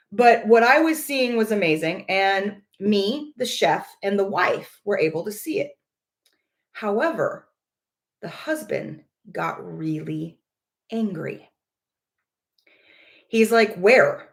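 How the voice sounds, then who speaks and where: Woman vlogging a story to her viewers, earnest, keeps repeating herself, mid-pitched voice. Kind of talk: casual personal storytelling to viewers.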